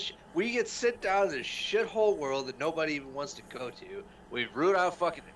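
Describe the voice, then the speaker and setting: A man's voice: a little high, a bit bright, a little hiss or hum. A man playing a tabletop role-playing game, talking in character in a brash, profane way. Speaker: player.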